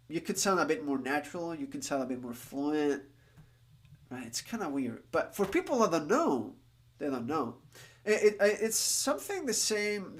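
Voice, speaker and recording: An adult livestreamer, not a native English speaker, chatting casually and thinking aloud, with halting fillers and restarts while trying out Japanese. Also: mid-range voice.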